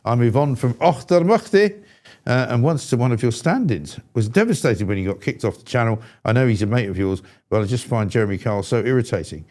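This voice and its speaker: A man's voice: fairly low pitch, expressive, fast, hardly any pauses, mellow. A man hosting a live talk show, speaking bluntly and with exasperation, in an irascible style. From England. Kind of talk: opinionated live show chat.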